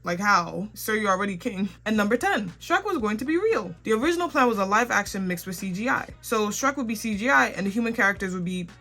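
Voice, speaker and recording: A young woman rattles through a numbered list at a quick clip, hosting her own casual facts video. She keeps it chatty and drops dry asides along the way. Soft music sits faintly underneath. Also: medium pitch, animated. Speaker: host.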